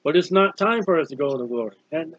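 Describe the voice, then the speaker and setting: A man's voice: fairly high pitch, animated, fast, fairly bright tone, no echo, lo-fi sound. A man preaching an informal sermon on a psalm, earnest and conversational, often repeating himself. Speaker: street preacher.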